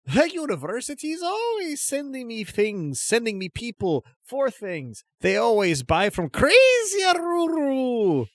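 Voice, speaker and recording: A game master voicing an eccentric, loud male market hawker with shrill, sing-song sales patter. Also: very animated, measured pace, few pauses, no room sound, studio quality. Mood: wheedling.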